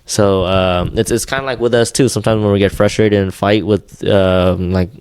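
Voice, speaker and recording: This young man's voice is lowish, slightly mellow and clean, with fairly even intonation at a normal pace, recorded in studio quality without room sound. Co-hosting a podcast, he rambles casually, full of fillers and restarts.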